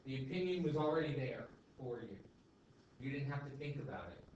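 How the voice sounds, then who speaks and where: A man's voice: medium pitch, animated, a little fast, darkish tone. A male teacher lecturing a class in a casual, chatty way, checking in with "okay?" and "right?" all the time. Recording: echoey classroom, far mic, dull and noisy.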